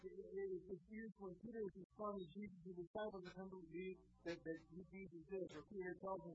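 Male pastor, high voice, earnest sermon delivery with stumbling repeats, dull lo-fi sound. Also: flat delivery, quick pace, few pauses, noisy background. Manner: earnest preaching with frequent word repeats.

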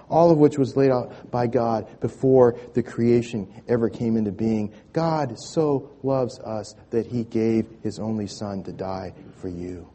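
A man with a mellow, warm voice preaching a sermon as pastor. He talks through his points in a storytelling way, then rises to emphatic, swelling peaks, often repeating words as he goes. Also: medium pitch, unhurried, few pauses.

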